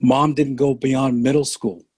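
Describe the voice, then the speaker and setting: An older man from San Francisco speaking as a podcast guest, earnest and deliberate in a reflective conversation. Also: medium pitch, level tone, darkish tone, slightly rough, dry recording. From San Francisco, California.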